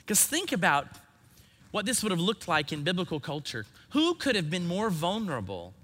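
A man in his forties preaching a sermon, earnest and reflective, letting his phrase ends fall soft. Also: sits high, big pitch swings, normal speed. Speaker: pastor. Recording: long hall reverb.

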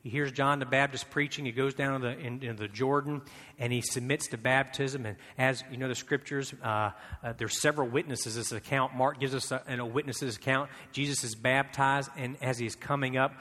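A man's voice: medium pitch, steady tone, normal speed, bright, forceful tone. A man preaching a sermon in a conversational way, firing off rhetorical questions and repeating key phrases. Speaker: pastor. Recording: long hall reverb.

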